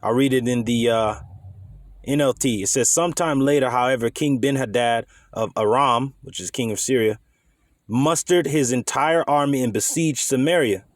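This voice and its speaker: A man teaching scripture in a loose, conversational way, emphatic and quick to curse. His voice sits in a middle register and sounds dry and close to the mic. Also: mid-range voice, no echo. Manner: emphatic, conversational, swears casually. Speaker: bible teacher.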